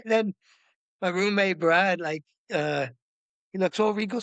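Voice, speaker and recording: Podcast guest, a man in his fifties with a fairly high voice, who tells his story animatedly and acts out the other people in it. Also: moderate pace, no echo. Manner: animated, acts out quotes with big pitch jumps, swears freely. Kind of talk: candid storytelling interview.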